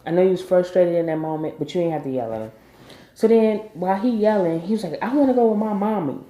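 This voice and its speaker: A woman's voice: lowish voice, expressive, fast, dark tone. A woman recapping a TV episode in a casual, emphatic vlog style, bluntly scolding the characters as she goes. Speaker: TV recap vlogger. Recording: echoey room.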